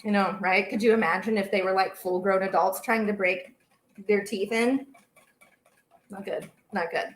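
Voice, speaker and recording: A woman's voice: a little high, a bit bright. Brief: young woman, chatty livestream baking host, rambling, a roomy echo in the kitchen. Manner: chatty, rambling, reads out viewer comments. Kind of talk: casual live-stream chat while cooking. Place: home kitchen.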